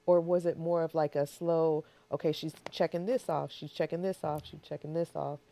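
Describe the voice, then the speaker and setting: A woman's voice: low-pitched, steady tone, creaky, mellow. A woman hosting an interview, encouraging her guest and asking follow-up questions. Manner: encouraging, quick to affirm. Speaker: host.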